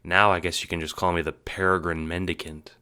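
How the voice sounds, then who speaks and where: A man's voice: low-pitched, little pitch movement, fairly quick, sharp tone, clear, resonant tone. A man voicing a dry, exasperated woman who used to be a postminister, in a fan audio drama. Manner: dry, sarcastic, weary.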